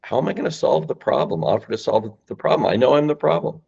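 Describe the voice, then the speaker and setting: A man's voice: medium pitch, big pitch swings, fast, creaky, darkish tone, slightly rough, muffled recording. A man explaining sales calls on a podcast, emphatic and acting out phone lines. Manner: emphatic, acts out phone lines, rising and falling voice. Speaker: guest, sales company founder.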